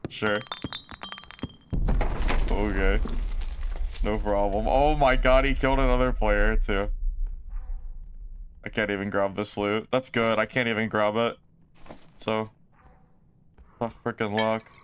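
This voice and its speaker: A man streaming a game, talking casually and exclaiming often in excitement. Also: fairly low pitch, slow, long pauses, clear, resonant tone.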